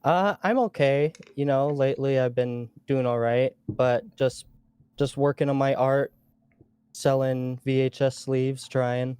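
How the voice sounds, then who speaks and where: Shy guy calling in, lots of uh and like, smooth clear voice, dry close sound. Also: medium pitch, steady tone, a little slow, darkish tone, no room sound. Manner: shy, hesitant, filler-heavy. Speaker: caller, community member. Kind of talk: casual chat.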